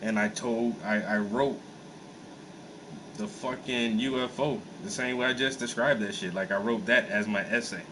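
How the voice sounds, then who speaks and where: Dude telling a wild story in aave, relaxed and cussing, bit of hum in the room. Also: male voice, medium pitch, moderate pace. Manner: animated, profane, laid-back storytelling with many fillers. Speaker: host. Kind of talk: casual storytelling.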